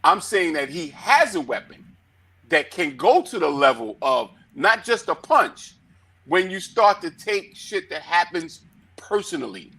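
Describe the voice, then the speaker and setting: A man co-hosting a talk show, arguing a point and telling a story in an animated way, swearing freely. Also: sits high, measured pace, breathy edge. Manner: animated, swearing, acts out quotes loudly. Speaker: podcast co-host. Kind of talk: heated debate, storytelling.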